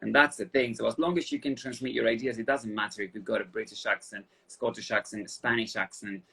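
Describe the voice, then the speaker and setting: A man's voice: on the low side, steady tone, a little fast, creaky, fairly bright tone, breathy edge. A man with an Argentinian accent, a language teacher eagerly chatting on a live video call and reading out viewer questions. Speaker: language teacher, didactics specialist. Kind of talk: live online chat.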